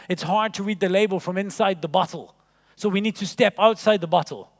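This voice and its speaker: High-voiced man giving a jokey keynote. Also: vocal fry. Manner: jokey, animated storytelling with punchlines. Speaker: keynote speaker. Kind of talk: conference keynote talk. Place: large conference hall. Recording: long reverb of a large hall.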